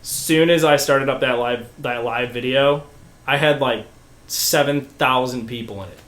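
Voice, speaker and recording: A young man casually telling a story as a podcast guest, excitable and full of restarts, swearing freely. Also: mid-range voice, a little slow, echoey room.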